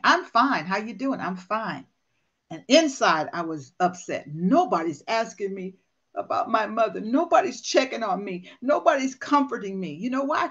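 A woman's voice: medium pitch, a bit bright, slightly rough, highs cut off. An older woman, a motivational speaker, talking candidly and emphatically, acting out her own inner dialogue. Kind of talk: candid conversational talk.

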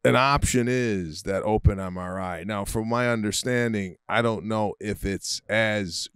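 A man's voice: fairly low pitch, measured pace, fairly bright tone, clean tone, dry recording, clean studio sound. A man co-hosting a podcast in casual chat, rambling with restarts and frequent swearing. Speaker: podcast co-host.

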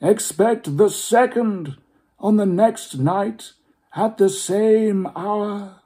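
A man reading a story aloud, voicing a dead man's ghost who gives solemn, drawn-out warnings. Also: high-pitched, warm tone, voice pushed up.

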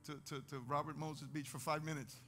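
A man preaching a sermon to his church, telling a story in an animated way and acting out the voices in it. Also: a little high, fairly quick, faint music behind. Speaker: pastor.

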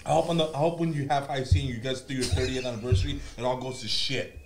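A man's voice: medium pitch, fairly even intonation, quick pace, slight background noise. A man, a guest, chatting casually with profane, laughing mock curses and taunts while his eyes tear and his nose burns from spice. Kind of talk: casual chat during a spicy chip challenge.

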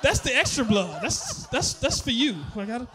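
A man with a very high-pitched voice performs stand-up comedy, acting out conversations as he tells his stories. He keeps breaking into laughter at his own punchlines. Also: moderate pace, crowd noise. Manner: animated storytelling, laughing at his own jokes, acting out dialogue.

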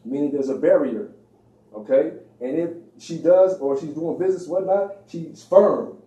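Preachy, slangy man lecturing, mellow tone, a bit high, recorded off-mic. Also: moderate pace, lo-fi sound. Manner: preachy, slangy, acts out quoted voices. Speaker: religious speaker. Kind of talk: informal religious lecture. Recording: echoey room, distant mic.

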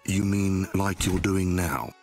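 A man's voice: deep voice, takes it slowly, faint music behind. A man playing a timid, dutiful detective's sidekick who talks in a plodding, nervous, matter-of-fact way. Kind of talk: video game voice acting.

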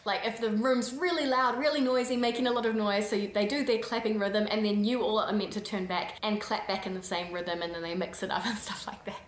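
A woman's voice: medium pitch, fairly even intonation, a little fast, few pauses, roomy sound, slight background noise. A woman from New Zealand with a New Zealand accent, hosting a casual vlog in a chatty, giggly way. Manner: chatty, giggly, acts out quotes. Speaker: vlogger host.

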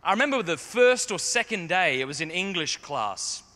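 A man's voice: sits high, big pitch swings, moderate pace, bright, forceful tone. A man telling a humorous, self-deprecating story as a speaker to a youth audience in a large conference hall. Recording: long hall reverb.

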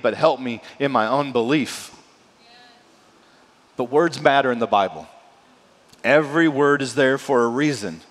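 A male pastor preaching a sermon in a lively, conversational way, often checking in with "right?". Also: fairly high pitch. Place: church sanctuary. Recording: long church hall reverb.

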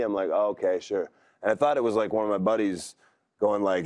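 A deep-voiced man in his thirties who drifts through his stories with a relaxed, rambling ease. The sound is dry and close, with no room around it. He talks like a guest in a casual sit-down interview. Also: fast talker, no room sound. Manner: laid-back, rambling storytelling. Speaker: wrestler guest.

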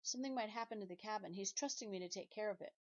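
A woman's voice: mid-range voice, racing, voice pushed up, natural voice. A woman reading a storybook voices an earnest, stubborn young boy who talks in a raised, insistent way. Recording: dull lo-fi recording.

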